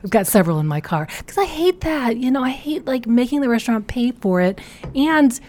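A woman from Chicago, a podcast guest, telling lively anecdotes in casual chat and acting out what people said. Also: fairly high pitch, a little fast.

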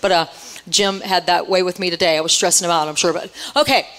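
A woman's voice: lowish voice, steady tone, fast, a bit bright. A woman preaching a sermon to a congregation, teasing them with playful asides and quizzing the room. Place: church hall with congregation.

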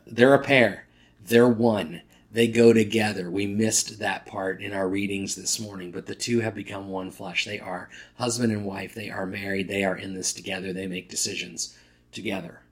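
A male pastor giving a conversational, emphatic sermon, often restarting phrases. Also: fairly low pitch.

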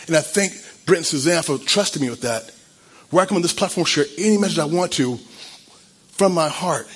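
A man's voice: a little high, slightly rough. A man in his fifties, a church pastor, gives an earnest and emotional sermon, stumbling and restarting as he tells his own story.

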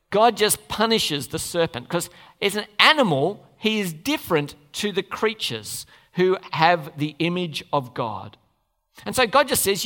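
A preacher delivering a sermon in an expressive way, acting out the characters of the scripture story. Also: medium pitch. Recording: long reverb of a large hall.

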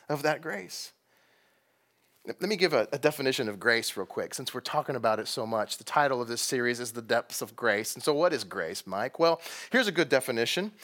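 Animated preacher man, lively pitch. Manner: animated, acts out voices of biblical figures with humor. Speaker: pastor. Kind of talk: sermon.

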